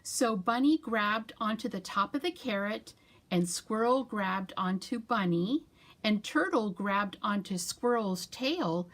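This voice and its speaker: A woman's voice: medium pitch, animated, slow. A woman children's librarian leading a storytime, reading a story with sound effects and doing hand-motion rhymes.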